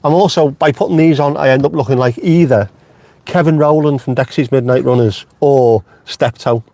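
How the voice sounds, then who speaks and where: A man's voice: medium pitch, normal speed, warm tone, no echo. A middle-aged man hosting a casual live stream from inside his car, chatty and jokey, swearing freely and wandering off on tangents. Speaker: vlogger host.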